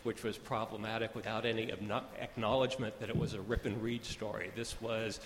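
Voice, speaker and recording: A man making a measured complaint during public comment at a meeting, pausing often with fillers. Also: lowish voice, flat delivery. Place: meeting hall. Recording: hall reverb with faint noise.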